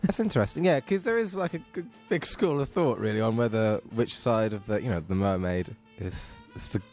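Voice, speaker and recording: A young man chatting as a podcast guest, rambling and breaking into giggles, his pitch bouncing up and down a lot. He talks in halting bursts, restarting sentences, and faint music hangs in the background. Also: expressive, a little mellow. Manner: giggly, rambling, self-interrupting. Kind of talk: casual comedy chat. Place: small home studio.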